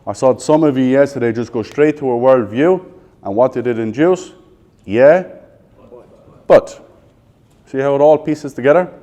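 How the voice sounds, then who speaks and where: An Irish man in his thirties coaches a live room of salespeople, tossing out quick questions and finishing the answers himself. His voice sits at an ordinary middle pitch, and his delivery is blunt and laced with swearing. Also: dark tone. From Ireland. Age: 30s. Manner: quizzes the audience with rapid questions, blunt and profane. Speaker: sales trainer. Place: training room with a live audience.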